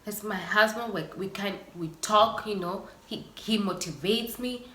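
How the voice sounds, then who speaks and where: An earnest, emotional woman vlogging straight to her viewers, with sighs between her thoughts. Her voice is bright and forceful and rings in an echoey room. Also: medium pitch, unhurried, slight background noise. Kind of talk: personal vlog monologue.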